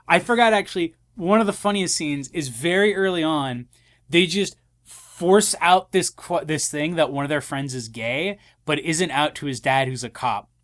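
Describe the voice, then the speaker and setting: A young man chatting casually about movies on a podcast. His pitch sits a little high, and he bounces into quoted lines as he retells scenes. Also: moderate pace. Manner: animated retelling with acted quotes and frequent laughs. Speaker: podcast co-host. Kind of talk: casual film chat.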